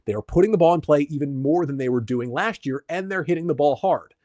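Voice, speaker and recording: A man hosting a solo sports podcast, explaining baseball numbers and answering listener questions in a brisk, stat-heavy way. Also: fairly high pitch, warm tone, dry recording, clean studio sound. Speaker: podcast host.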